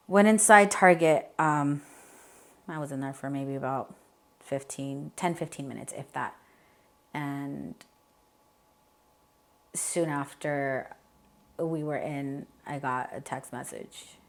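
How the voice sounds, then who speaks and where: A young adult woman as an interview guest, telling a painful personal story in a candid, halting way with many fillers. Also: sits low. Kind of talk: emotional personal account.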